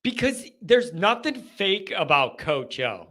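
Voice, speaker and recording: A man hosting a live call-in chat, talking in an animated, joking, ranting way. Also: high-pitched, unhurried. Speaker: host.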